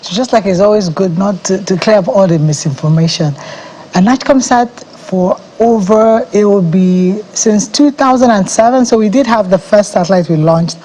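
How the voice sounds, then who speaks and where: A woman's voice: mid-range voice, moderate pace, warm tone, a little hiss or hum, poor audio. A Nigerian woman, head of an agency, explaining confidently as a guest in a TV news studio interview. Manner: confident, explanatory, laughs easily.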